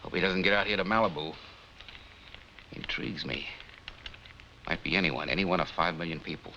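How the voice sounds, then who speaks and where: A man's voice: sits low, a little fast, bright, forceful tone, slight background noise. A man playing a dry, sardonic husband who works in real estate, in a 1950s TV drama. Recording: dull lo-fi 1950s TV soundtrack.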